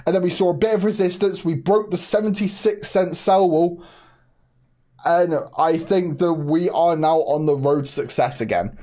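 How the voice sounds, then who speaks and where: A young man hosting a casual livestream, chatty and excitable, laughing often and talking straight to his chat. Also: on the high side, moderate pace. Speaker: livestream host.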